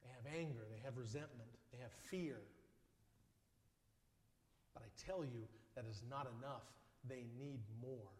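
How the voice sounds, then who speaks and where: A male pastor delivering a sermon in measured phrases, building on repeated lines and often dropping to a soft voice. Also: medium pitch. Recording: echoey hall with long reverb.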